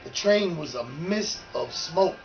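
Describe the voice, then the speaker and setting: Gravelly-voiced man telling a street story. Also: on the high side, slow pace, muffled recording, over music. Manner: animated, profane street talk. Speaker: former graffiti writer. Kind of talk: casual storytelling.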